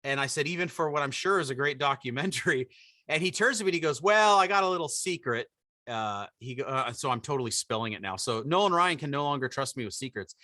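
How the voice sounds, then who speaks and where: A man's voice: medium pitch, fast talker, no echo, studio quality. A man co-hosting a podcast, telling an anecdote in casual chat and acting out the people he quotes. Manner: animated storyteller, acts out quotes. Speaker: podcast co-host.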